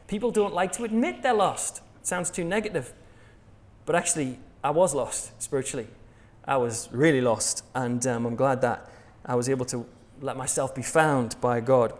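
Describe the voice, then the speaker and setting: A man's voice: medium pitch, moderate pace. An English man preaching a sermon in a jokey, conversational way, laughing at his own jokes. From England.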